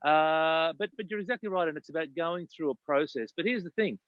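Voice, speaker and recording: A man's voice: fairly high pitch, brisk, lo-fi sound, slight background noise. Emphatic man coaching. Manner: emphatic, repeats words and says "right?". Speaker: business coach. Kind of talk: casual podcast chat.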